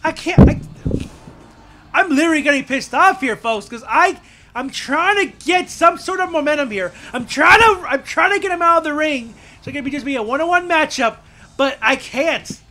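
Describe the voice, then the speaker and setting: A man commentating his wrestling video game play-by-play, shouting in mock outrage and calling out to the audience. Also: very high-pitched, expressive, normal speed. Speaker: gameplay commentator.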